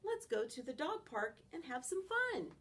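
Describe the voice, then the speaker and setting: A woman voicing an eager, loyal pet dog in a storybook, in a higher, excited and pleading voice. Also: a little slow, heavily acted. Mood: coaxing. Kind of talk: storybook character voice.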